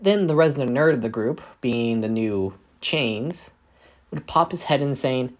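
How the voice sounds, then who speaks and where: A man's voice: medium pitch, animated, moderate pace. A man casually improvising a fan fiction story, often correcting himself as he goes. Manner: rambling, self-correcting. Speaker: fanfic storyteller.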